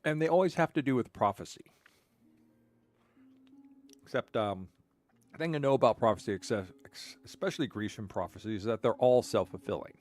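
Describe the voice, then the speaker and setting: A man's voice: mid-range voice, fairly quick, long pauses, darkish tone, faint music behind. A man streaming a game, telling a long story casually, with frequent restarts and stammered repeats. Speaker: gaming streamer.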